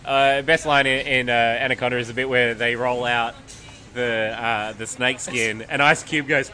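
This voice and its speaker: A man's voice: mid-range voice, fairly even intonation, moderate pace, bright, forceful tone, faint music behind. A man chatting enthusiastically about movies as a contestant, laughing a lot. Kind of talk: casual chat.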